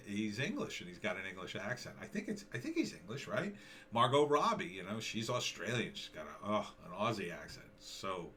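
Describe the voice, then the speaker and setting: A man's voice: lowish voice, sharp tone, a little hiss or hum. A middle-aged man giving opinionated, casual commentary, rambling and sarcastic, with lots of fillers and restarts. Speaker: commentary vlogger.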